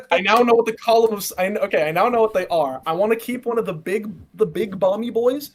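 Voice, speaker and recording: A man plays a tabletop game and lays out his plans. His voice is a little high. He talks fast and eagerly, and often restarts his sentences. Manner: quick, excitable, restarting sentences. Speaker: player.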